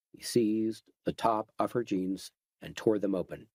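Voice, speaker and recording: A man's voice: on the low side, measured pace, few pauses, a little mellow, no room sound. Male audiobook narrator, dry sound. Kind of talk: scripted horror narration.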